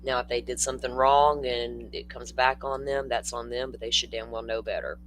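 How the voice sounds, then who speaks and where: An older man hosts a casual true-crime livestream, chatty and blunt as he answers comments from the chat. His voice sits at a middling pitch, with a faint hum under the recording. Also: steady tone, normal speed, a bit bright, poor audio.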